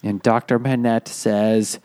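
A man's voice: lowish voice, flat delivery, takes it slowly, a little mellow, clear, resonant tone, no echo, studio quality. Rambling man recapping a book. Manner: rambling plot recap with many fillers. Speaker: podcast co-host. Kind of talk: casual book-club chat over beers.

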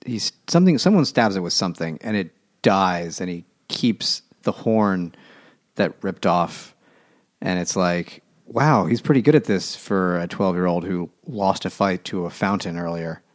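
A man's voice: low voice, animated, a little slow. A man co-hosting a casual book podcast, retelling a plot with sarcastic, rambling jokes. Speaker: podcast co-host. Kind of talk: casual book-discussion banter.

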